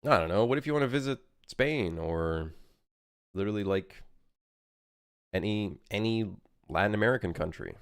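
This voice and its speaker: A young native French-speaking man rambles and jokes with his live-stream chat as he works on a game level. His voice sits low and deep. The sound is dry and close, with no room around it. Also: normal speed, long pauses, smooth, dry recording. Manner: rambling, joking, answers chat while working.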